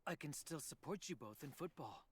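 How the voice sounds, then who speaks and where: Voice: mid-range voice, animated, fairly quick, natural voice. An actor voicing an eager young football club teammate in dubbed game dialogue, earnest and urgent. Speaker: game character.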